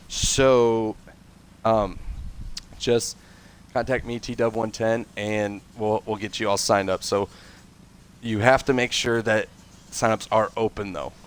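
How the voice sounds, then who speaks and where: A man's voice: fairly low pitch, clear, resonant tone. A man with a slightly nasal, congested voice from a cold, hosting a livestream and making casual announcements with lots of fillers and self-corrections. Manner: rambling, chatty, frequent fillers and self-corrections. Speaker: league host and event coordinator.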